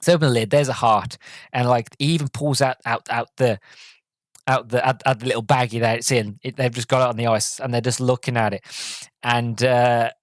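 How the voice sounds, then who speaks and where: A man's voice: medium pitch, steady tone, a little fast, no echo. A man hosts a podcast and reviews a movie in a casual, enthusiastic, rambling way. His voice sits in an average male range. The sound is dry and close to the mic. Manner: enthusiastic, rambling, many fillers and restarts. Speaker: podcast host.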